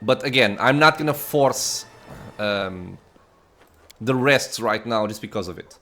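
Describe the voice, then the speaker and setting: A man, host of a gaming channel, giving relaxed, casual commentary while playing. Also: fairly low pitch, unhurried. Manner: relaxed, laughs, says dude.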